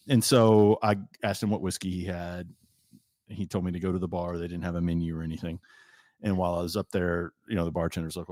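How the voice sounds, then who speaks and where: A man hosting a podcast, chatting casually and retelling a dinner story with lively storytelling. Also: deep voice, fairly quick, no echo, studio quality. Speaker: podcast host. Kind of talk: casual chat.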